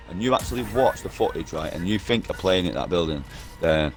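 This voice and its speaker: A man's voice: sits low, quick pace. A man in an online game party chat, ranting nonstop in a profane, repetitive and insistent way over a headset. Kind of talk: rambling conspiracy rant.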